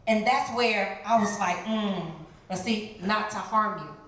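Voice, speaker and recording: Echoey woman testifying in church. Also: measured pace. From Chicago area. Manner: animated storytelling, jumps into high voices to act out quotes. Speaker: guest speaker. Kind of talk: testimony sermon. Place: large church hall. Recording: very echoey church hall, some noise.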